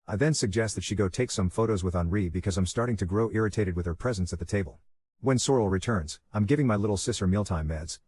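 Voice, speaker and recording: Fast-reading man narrating a story. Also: fairly low pitch, a little mellow. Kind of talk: reading an online story aloud.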